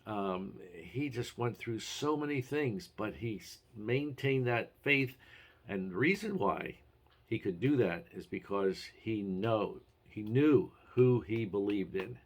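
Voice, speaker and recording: A man's voice: lowish voice, animated, takes it slowly. A man giving a short devotional message as a pastor, earnest and encouraging, with occasional hesitations.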